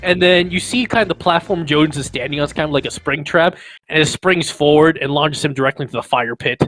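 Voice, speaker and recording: A man's voice: fairly high pitch, fast talker, a bit bright, poor audio. A man running a tabletop game as game master, describing the scene casually with many fillers.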